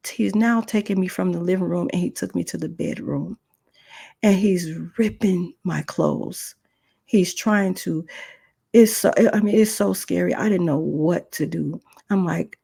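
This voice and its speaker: A woman's voice: medium pitch, fairly even intonation, a little slow, creaky, warm tone, husky. A woman hosting a podcast, telling a personal testimony with strong emotion and acting out the voices in her story. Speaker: podcast host.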